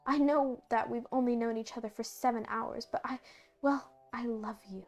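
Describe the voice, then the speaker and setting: A woman voicing an earnest young princess in her own fairly high voice, soft and hushed, reading from a storybook fanfic. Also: steady tone, normal speed, faint music behind, close to an everyday voice.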